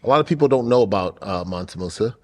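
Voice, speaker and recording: A man's voice: fairly low pitch, expressive. A man hosting a casual interview podcast, easygoing and asking his guest questions. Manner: easygoing, asks questions with quick laughs. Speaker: podcast host.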